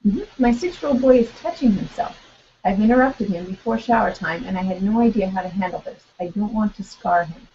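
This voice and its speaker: A woman's voice: medium pitch, brisk, mellow. A woman co-hosting a call-in Q&A, reading listener questions plainly and adding brief reactions. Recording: dull call audio with faint background noise.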